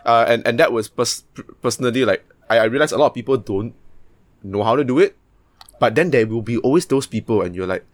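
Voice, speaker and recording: A man's voice: mid-range voice, expressive, quick pace, no echo. A man in casual conversation, easygoing, with hesitant restarts. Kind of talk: casual chat.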